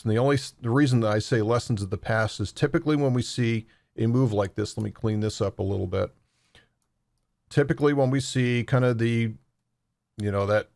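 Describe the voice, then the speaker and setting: A man talking through market charts in a chatty, animated way. He mimics traders' voices now and then. The sound is dry and close, with no room echo, and his pitch sits mid-range. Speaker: crypto market analyst. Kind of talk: market commentary over charts.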